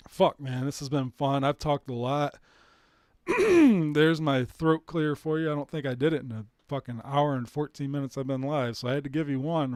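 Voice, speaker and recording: A man's voice: fairly high pitch, no room sound, studio quality. A man hosting his own live stream, ranting casually and bluntly with plenty of swearing and short laughs. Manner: profane, blunt, laughing asides.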